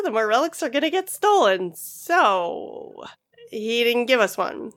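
A woman's voice: a little high, a bit bright. A woman playing a blunt, wary young woman adventurer in a tabletop game, in a casual voice close to her own.

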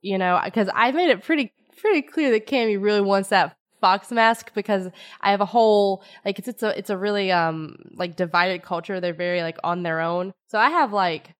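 A woman's voice: mid-range voice, normal speed. A woman game master chatting casually, giggly and self-deprecating. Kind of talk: casual chat.

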